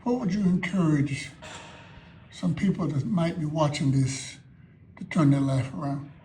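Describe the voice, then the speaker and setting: A man's voice: fairly high pitch, a little slow, dark tone, slight background noise. A male interviewer asking short questions from off-mic. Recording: distant off-mic voice.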